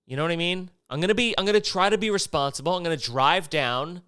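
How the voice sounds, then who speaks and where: A man's voice: a little high, quick pace, bright, forceful tone, smooth, dry recording, studio quality. Rambling, profane podcast host man. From Maryland. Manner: rambling, profane, jumps between topics. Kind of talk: casual solo podcast monologue.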